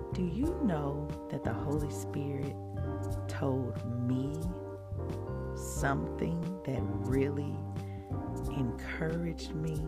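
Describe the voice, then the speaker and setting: Slow, gravelly-voiced woman podcast host. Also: deep voice. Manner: emotional, earnest, rising to excited outbursts. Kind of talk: devotional podcast talk.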